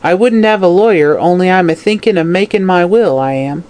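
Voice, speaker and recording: A narrator voicing a dying, drunken old slum woman who croaks, snarls and curses. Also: mid-range voice, brisk, darkish tone, natural voice. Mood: vicious. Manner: snarling, cursing, whining. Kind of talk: audiobook character voice.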